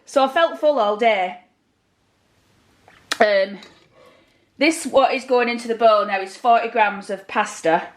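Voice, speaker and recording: A woman's voice: mid-range voice, low-quality recording. Chatty woman vlogging while cooking. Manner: chatty, addresses viewers directly. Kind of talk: casual cooking vlog. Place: home kitchen.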